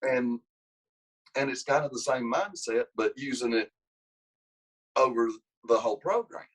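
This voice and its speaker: An unhurried, medium-pitched male voice with a breathy edge, heard on poor audio. The wrestling coach's long interview story keeps rambling and restarting, with lively moments when he acts out what was said.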